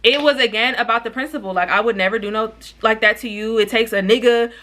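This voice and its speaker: A young woman tells a storytime vlog straight to her viewers in a bright, forward voice set a little high. She is animated and frank, slangy and quick to curse. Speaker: YouTuber.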